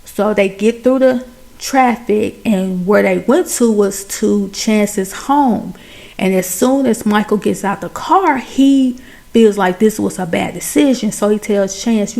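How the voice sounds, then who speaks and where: A woman's voice: mid-range voice, measured pace, gravelly, darkish tone. A woman giving a chatty, colloquial recap of a film, retelling scenes with drama. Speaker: film reviewer.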